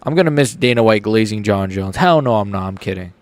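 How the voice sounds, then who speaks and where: A young man streaming a live reaction to fights, chatting casually and getting loud and excited when something big happens. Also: fast, no room sound. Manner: casual, excitable, shouts with rising pitch at big moments.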